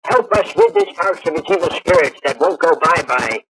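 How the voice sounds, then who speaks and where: A man's voice: fairly high pitch, huge pitch swings, normal speed, background noise, pitched above the performer's own voice. A man putting on the voice of a pompous male exorcist professor, delivering a mock-solemn invocation on an old radio broadcast.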